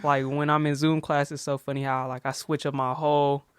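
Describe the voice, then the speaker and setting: A man's voice: a little high, little pitch movement, fairly quick, clear, resonant tone, no room sound, studio quality. A young man chatting as a podcast guest, laid-back and slangy, laughing often. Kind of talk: casual chat.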